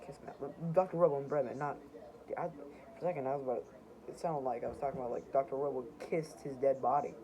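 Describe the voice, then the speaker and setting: A man's voice: medium pitch, fairly even intonation, fast, noisy background. A man casually reading through his own homemade comics, rambling and correcting himself as he goes.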